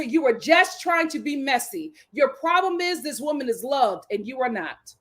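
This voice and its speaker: High-voiced, sassy woman recapping reality TV. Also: normal speed. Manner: animated, sassy and dramatic with slang; speaks directly to the people she discusses. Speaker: reality TV review host. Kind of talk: live-stream episode recap commentary.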